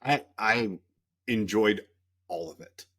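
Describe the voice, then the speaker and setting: A man's voice: lowish voice, slow pace, fairly bright tone. A man from Kentucky co-hosting a podcast in casual chat, joking and sarcastic. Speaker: podcast co-host.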